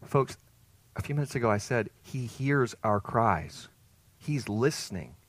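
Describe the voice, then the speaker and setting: A man preaching a sermon as pastor, earnest and emphatic, rising to loud peaks and dropping to soft, hushed phrases. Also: mid-range voice, lively intonation, a little slow.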